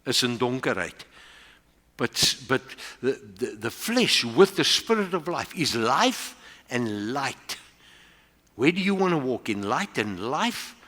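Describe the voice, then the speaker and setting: A man's voice: mid-range voice, pushed and bright. A man with a South African accent preaching a sermon as pastor, building to emphatic peaks and slipping into Afrikaans phrases. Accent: South African English. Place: church hall. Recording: long hall reverb.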